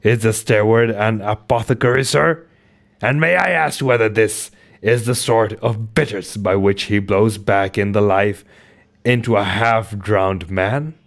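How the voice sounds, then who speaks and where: A man's voice: lowish voice, unhurried, vocal fry. A man putting on a blustering mocking sailor. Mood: indignant. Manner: mocking, blustering, rising outbursts. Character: blustering gruff male sailor mate.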